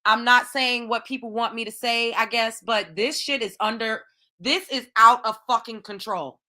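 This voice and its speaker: A woman's voice: fairly high pitch, normal speed, pushed and bright. A woman hosting her own show, ranting in heated, profane commentary with lots of exclamations. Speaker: show host.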